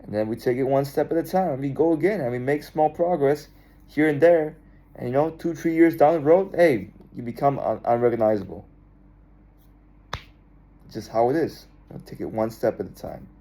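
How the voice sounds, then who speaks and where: A man's voice: medium pitch, normal speed, warm tone. A young man talking to his viewers in a casual, laid-back monologue, often repeating himself and adding "man" and "bro". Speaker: vlogger.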